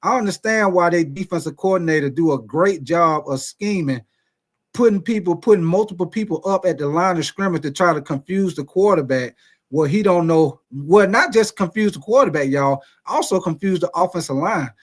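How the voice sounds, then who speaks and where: A man hosting a casual sports livestream, talking to his chat in a relaxed, chatty way. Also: high voice, moderate pace. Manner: chatty, laid-back, speaks to the chat. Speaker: sports show host.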